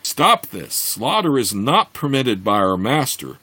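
A man voicing a stern, scornful female weretiger who scolds others in a storybook reading, in a husky voice. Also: mid-range voice, big pitch swings, a little slow, pushed and bright, dry recording, full character voice. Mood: scolding. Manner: scornful, commanding.

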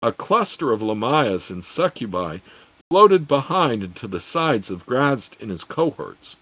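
A man's voice: lowish voice, a bit bright, breathy edge, dry recording, poor audio. A man narrating a fantasy audiobook expressively, with occasional self-corrections.

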